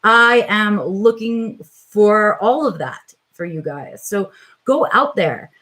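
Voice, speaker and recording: A woman's voice: medium pitch, expressive, takes it slowly, a bit bright. Woman, middle-aged, live stream host, reflective, hesitant, chatty with viewers. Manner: reflective, hesitant, many "um"s and "right?"s.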